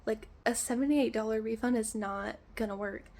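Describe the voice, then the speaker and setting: A woman's voice: on the high side, fairly even intonation, normal speed, darkish tone, slight background noise. A young woman vlogger telling a storytime in an exasperated, ranting way, acting out the phone calls she recounts. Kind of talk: storytime vlog.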